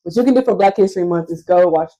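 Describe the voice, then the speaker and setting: A woman's voice: fairly low pitch, quick pace, warm tone, poor audio. Laid-back, playful woman podcast co-host. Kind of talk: casual chat.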